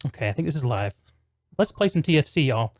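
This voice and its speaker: A man's voice: medium pitch, sing-song, fast talker, darkish tone. A man hosting a live stream and commentating a competitive video game match, chatty and upbeat, calling the viewers "y'all".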